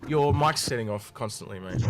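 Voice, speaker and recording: A man's voice: medium pitch, animated, brisk, over loud music. A man hosting a casual chat, friendly and steering the conversation. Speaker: host.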